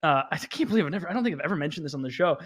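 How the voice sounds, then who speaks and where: A man's voice: on the high side, lively intonation, rapid-fire, a bit bright. Rambling man telling a podcast story. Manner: rambling, filler-heavy storyteller. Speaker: podcast host. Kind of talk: casual storytelling chat.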